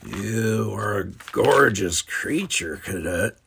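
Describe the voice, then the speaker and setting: A man doing a slow, purring alien flirt. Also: fairly low pitch, expressive, vocal fry, a bit bright, a little hiss or hum, exaggerated voice. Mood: seductive. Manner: slow, murmuring, seductive. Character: smooth-talking handsome alien flirt, vain.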